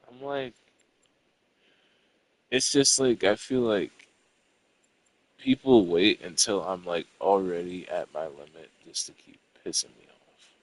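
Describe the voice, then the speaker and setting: A man's voice: deep voice, takes it slowly, pauses often, no room sound, poor audio. A young man in a casual, rambling rant, profane and irritated as he tells what happened between him and his friends. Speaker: storyteller venting to a friend.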